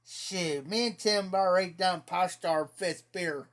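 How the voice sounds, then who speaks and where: A man's voice: sits high, measured pace, fairly bright tone. Folksy man telling a rambling story. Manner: rambling, folksy, laughs at his own story. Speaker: live stream host. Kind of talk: casual storytelling.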